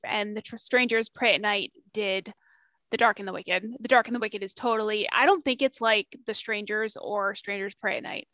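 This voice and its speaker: A woman's voice: medium pitch, steady tone, moderate pace, sharp tone, dry recording, studio quality. A woman co-hosting a casual talk show, speaking frankly and expressively, with muttered asides. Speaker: podcast co-host. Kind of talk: casual chat about horror films.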